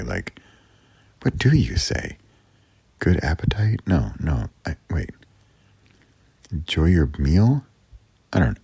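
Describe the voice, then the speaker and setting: A man's voice: extremely low pitch, creaky, darkish tone, slightly rough, no room sound. A man hosting his own podcast, talking alone in a rambling, chatty way, often interrupting and teasing himself. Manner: playful and self-mocking. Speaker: podcast host. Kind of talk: casual solo podcast monologue.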